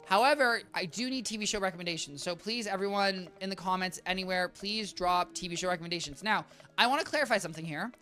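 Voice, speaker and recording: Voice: medium pitch, fast, few pauses, bright, forceful tone, soft background music. A game streamer chatting with viewers in a rambling, chatty way while playing, voice a little worn out. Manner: chatty, rambling, addresses chat as guys.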